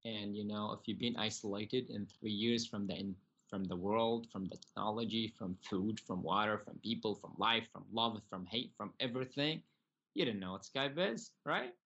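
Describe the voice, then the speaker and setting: A young man from Syria, telling his personal story as a podcast guest in earnest, halting, broken English. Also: lowish voice, fairly bright tone, muffled recording.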